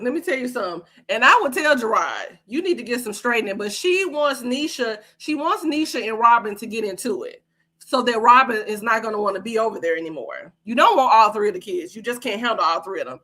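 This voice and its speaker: A woman's voice: a little high, very animated, brisk, sharp tone. A woman hosting a livestream podcast, giving blunt, sassy commentary that is full of profanity. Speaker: podcast host.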